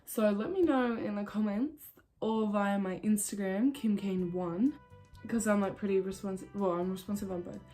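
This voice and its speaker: A woman with a soft, mellow voice tells a casual storytime to camera, rambling and chatty. She laughs often and drops casual swear words. Faint music plays quietly behind her. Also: mid-range voice, moderate pace. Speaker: vlogger.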